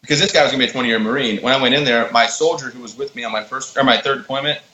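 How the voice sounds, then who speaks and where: A man in his thirties, a podcast guest, telling stories in a casual, animated way and acting out the quotes. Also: medium pitch, racing, a little hiss or hum. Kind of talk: casual storytelling. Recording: roomy, slightly dull sound with faint ambience.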